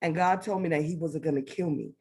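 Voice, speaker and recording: A woman telling a personal spiritual story as a guest, animated, acting out her own past words. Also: low-pitched, a little fast, husky. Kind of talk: casual faith testimony.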